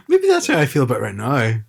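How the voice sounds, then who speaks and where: Podcast co-host, man in his thirties, relaxed and halting, pitch moving a lot. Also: gravelly. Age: 30s. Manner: relaxed, hesitant, lots of fillers. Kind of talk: casual chat.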